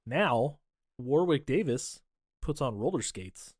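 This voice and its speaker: A man's voice: medium pitch, animated, a little mellow, no echo, clean studio sound. A man co-hosting a podcast, recapping a horror movie in casual, profane, sardonic chat. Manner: profane, sardonic recapping with quick voices for characters. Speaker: podcast co-host.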